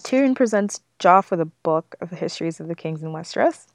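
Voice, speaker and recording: A woman's voice: lowish voice, expressive, fast, dry recording. A woman co-hosting a casual TV recap chat, walking through the plot in a chatty way. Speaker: podcast co-host.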